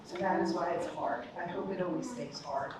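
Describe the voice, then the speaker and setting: A woman's voice: on the low side, animated, moderate pace. A woman, a college dean giving an upbeat, chatty ceremony speech that speaks straight to the audience. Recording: echoey hall, distant mic, background noise.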